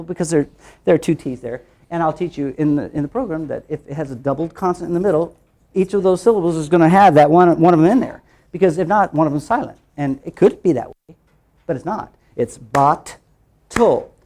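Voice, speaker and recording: In a teacher-training phonics workshop, a lively man chants his way through repeated steps. He jumps quickly in pitch and answers each question he asks.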